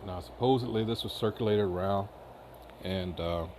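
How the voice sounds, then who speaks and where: A man's voice: fairly low pitch, moderate pace, darkish tone, a little hiss or hum. A man reading news headlines aloud in casual commentary, with many filler uhs and short asides. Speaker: commentary channel host.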